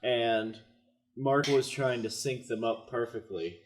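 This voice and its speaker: A man's voice: mid-range voice, a little hiss or hum. A young man co-hosting a casual podcast chat, joking and often laughing. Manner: jokey, quick to laugh. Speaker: podcast co-host.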